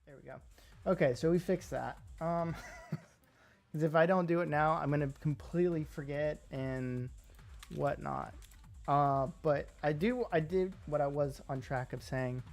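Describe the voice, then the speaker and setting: A livestreamer chats casually from a home setup, speaking in a mid-range voice at a measured pace with some vocal fry. The talk rambles, is packed with fillers, and pokes fun at themselves, while faint music and keyboard typing sit in the background.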